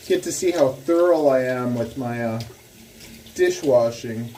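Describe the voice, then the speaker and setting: A man's voice: medium pitch, unhurried, dark tone, slight background noise. A young man chatting casually on a livestream, rambling, teasing and laughing often. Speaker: snake keeper and livestream host.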